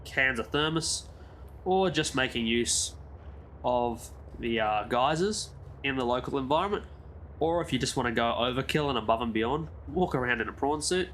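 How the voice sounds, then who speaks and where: A man's voice: medium pitch, lively intonation, normal speed, a bit bright, a little hiss or hum. Easygoing man narrating gameplay. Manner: easygoing, chatty, rambles into asides. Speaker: gaming YouTuber. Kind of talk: casual game walkthrough commentary.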